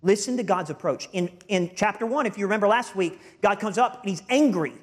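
A man preaching a sermon with a slightly high-pitched voice. He speaks earnestly and with emphasis, often stumbling into repeated words as his points build. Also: a little fast. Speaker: pastor.

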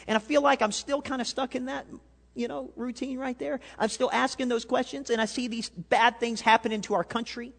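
A male pastor preaching a sermon, animated, swinging between loud and quiet and asking the congregation questions. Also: extremely high pitch, a little fast. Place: church sanctuary. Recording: long hall reverb.

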